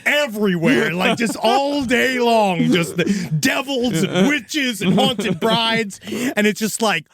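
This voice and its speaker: A male comedy podcaster riffs and jokes with loose profanity. His voice is high and bounces all over, recorded dry and close. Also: slow pace, few pauses, no room sound. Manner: animated, profane riffing. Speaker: podcast co-host.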